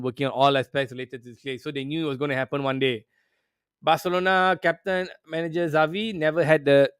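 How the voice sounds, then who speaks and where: A man's voice: on the high side, fairly bright tone, clean tone, no echo, clean studio sound. A man hosting a football talk show, ranting in a profane, sarcastic way. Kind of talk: heated casual commentary.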